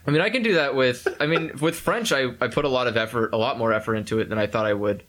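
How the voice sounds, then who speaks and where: A young man chatting casually, delivering over-the-top complaints with a dry, deadpan manner. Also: mid-range voice, fast. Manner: deadpan mock outrage, dry joking. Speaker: co-host with a video channel. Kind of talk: casual chat.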